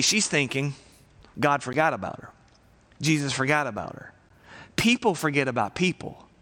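A man preaching a sermon as pastor, earnest and emphatic, with reflective pauses. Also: mid-range voice, fairly bright tone.

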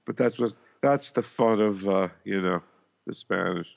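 A man co-hosting a casual movie-review podcast, talking in halting bursts full of fillers and laughing along. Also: fairly low pitch, vocal fry, lo-fi sound. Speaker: podcast co-host.

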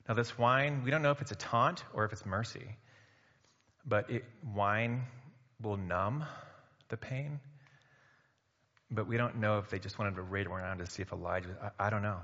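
A man preaching a sermon in a conversational way, breaking into loud emphatic bursts. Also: on the low side, normal speed. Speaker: pastor. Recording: muffled sound in a reverberant hall.

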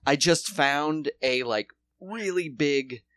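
A man's voice: a little high, slow pace, fairly bright tone. A man co-hosting a podcast, rambling sarcastically and swearing a lot in casual chat. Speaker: podcast co-host.

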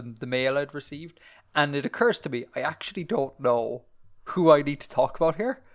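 A man with an Irish accent co-hosting a podcast, rambling and self-deprecating as he chats. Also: a little high. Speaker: podcast co-host. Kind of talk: casual chat.

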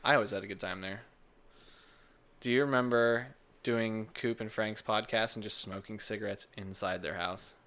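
Lowish male voice, easygoing podcast co-host, laughs along and asks quick questions. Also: fairly even intonation, fairly bright tone. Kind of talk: casual chat.

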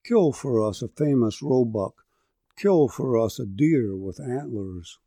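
A man's voice: mid-range voice, lively intonation, takes it slowly, dark tone, no room sound. A man reading a poem aloud, voicing a boastful old male storyteller giving orders in a plain commanding tone.

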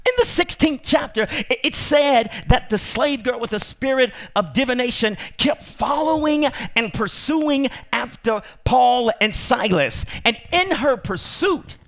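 A man preaching a sermon to his congregation. He speaks emphatically, repeats himself, and rises into shouts. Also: very high-pitched, expressive, measured pace, few pauses. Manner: emphatic, repetitive, bursts into shouting; addresses congregation directly. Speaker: pastor.

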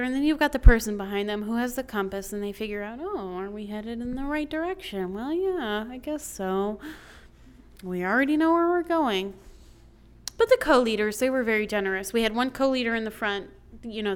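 Female storyteller, slightly high and smooth voice, heartfelt personal story told live. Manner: emotional, building lists of complaints. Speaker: storyteller on stage.

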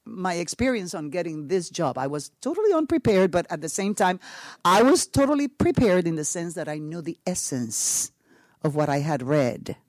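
A woman from Puerto Rico, with a Puerto Rican accent, tells a story to a panel audience. Her pitch rises and falls with lively animation, and she acts out each exchange with laughter and short Spanish asides. The sound is close and dry, with no room echo. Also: normal speed. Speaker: actress on a panel. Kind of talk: panel talk, telling an anecdote.

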